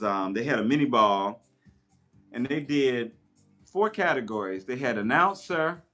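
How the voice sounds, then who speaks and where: A man chatting casually on a livestream while he takes down his hair, telling stories with lively quoted voices. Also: medium pitch. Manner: chatty, animated storyteller with playful voices in quotes. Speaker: live streamer. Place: at home doing his hair. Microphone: tablet mic.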